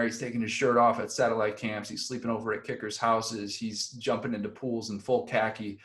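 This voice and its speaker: A young man talks through a sports topic as a columnist, in a loose, opinionated style. His voice sits at an ordinary middle pitch, and he drifts into asides and rhetorical questions as he makes his case. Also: a bit bright. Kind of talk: casual opinion commentary.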